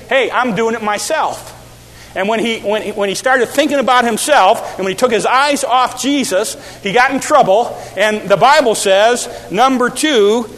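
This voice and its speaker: A middle-aged man preaching a sermon, telling stories and acting out quotes, rising to shouted peaks. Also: high-pitched. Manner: storytelling, acts out quotes, builds to shouted peaks. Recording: reverberant hall.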